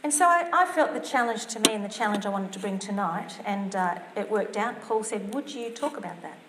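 A woman's voice: mid-range voice, lively intonation, fairly quick, background noise. A woman preaching a topical sermon in an earnest, conversational way, reading scripture aloud. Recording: roomy church sound.

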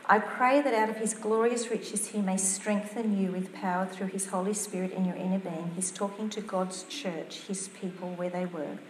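A woman's voice: medium pitch, steady tone, moderate pace, hardly any pauses, slight background noise. A woman preaching a topical sermon in an earnest, conversational way, reading scripture aloud. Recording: roomy church sound.

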